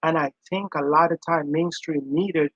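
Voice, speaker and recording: Speaking in a voice a touch high for a man, he offers casual reaction commentary, earnest and emphatic, circling back to repeat his point at a moderate pace with fairly even intonation. The tone is a bit bright. The lo-fi sound is close and dry, with no room around it.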